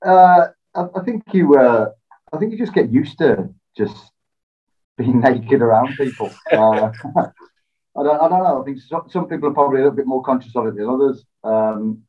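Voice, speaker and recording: A relaxed man tells stories in an interview, self-deprecating and quick to laugh. His voice sits in a middle pitch, and the recording sounds a little dull and lo-fi. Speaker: interview guest, former footballer. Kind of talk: casual interview storytelling.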